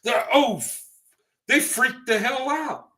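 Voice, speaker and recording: In a heated, profane rant, a man on a livestream airs his opinions in emphatic bursts. His voice is very high-pitched and sharp, and he speaks at a slow pace.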